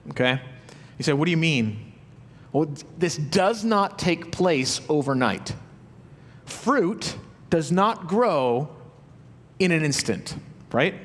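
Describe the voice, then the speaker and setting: A slightly high-voiced man preaches in a church auditorium, chatty and direct. He keeps asking rhetorical questions and slips into the imagined voices of his listeners. A long hall reverb trails after each phrase. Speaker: pastor. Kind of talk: sermon.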